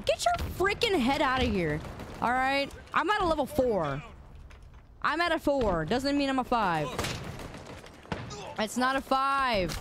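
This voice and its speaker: A woman game streamer in casual live-stream chat, playful and teasing, arguing loudly with her chat. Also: high voice, sing-song, normal speed, over music. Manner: playful, teasing and argumentative, loud when riled.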